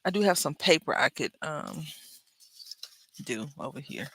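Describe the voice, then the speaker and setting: A woman's voice: low voice, big pitch swings, a little slow, noisy background. A woman hosting a crafting tutorial, chatting casually and rambling into asides to her viewers as she works. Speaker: crafting channel host.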